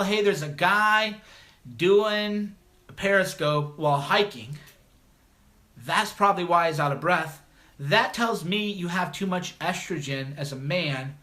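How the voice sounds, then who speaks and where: Blunt, mocking man with a bright voice. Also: on the high side. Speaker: livestream host. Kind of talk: call-in livestream monologue.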